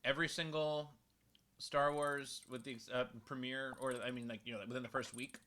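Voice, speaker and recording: Male host, casual chat, stammering restarts, bright edgy tone. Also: mid-range voice, flat delivery, a little fast.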